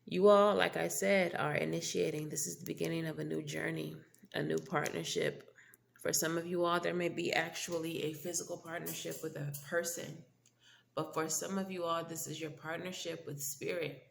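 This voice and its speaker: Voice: mid-range voice, level tone, moderate pace, creaky. A tarot reader giving a casual spiritual reading to viewers with a stuffy, congested voice, often checking in with "okay?" and "all right?". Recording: echoey room with faint background noise.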